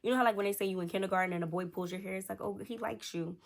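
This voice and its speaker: Casual storytime vlogger, woman in her thirties, animated and direct to camera. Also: mid-range voice, very fast, vocal fry. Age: 30s. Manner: chatty, talks straight to viewers, animated retelling.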